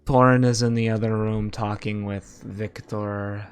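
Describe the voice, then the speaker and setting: Sleepy cold-blooded snake-man guard, voiced by a man, slow and drowsy, lowish voice, faint music bed. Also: level tone, clear, resonant tone, natural voice. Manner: drowsy, plain-spoken. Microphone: home mic on an online call. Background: background music.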